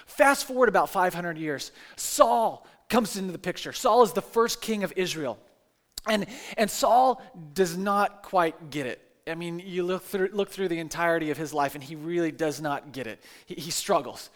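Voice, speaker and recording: Man, high voice, casual sermon, pastor, conversational, acted-out quotes, restarts and asides. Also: normal speed. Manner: animated storytelling with acted-out quotes.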